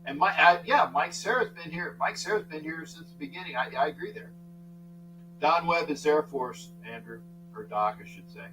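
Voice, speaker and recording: Over music, an older man with a voice on the high side hosts a live sports talk stream at a moderate pace. He rambles casually, calls out viewers by name and keeps restarting; the distant mic picks up faint mains hum.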